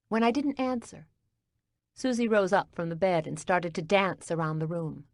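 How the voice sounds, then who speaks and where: A woman reading a cozy mystery audiobook as narrator, in a calm, even storytelling manner. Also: on the low side, normal speed, no room sound, studio quality.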